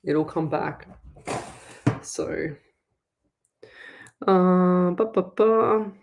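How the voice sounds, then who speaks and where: A woman from Australia hosting a live psychic show, reading viewer comments aloud and exclaiming excitedly, with frequent laughs and affectionate asides. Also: fairly low pitch, drawn-out words, vocal fry, narrow, tinny audio, a little hiss or hum.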